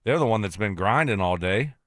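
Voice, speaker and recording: A man's voice: lowish voice, expressive, a little fast, fairly bright tone, no echo, studio quality. A man co-hosting a casual sports talk radio show, easygoing and rambling as he tells stories. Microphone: studio broadcast mic.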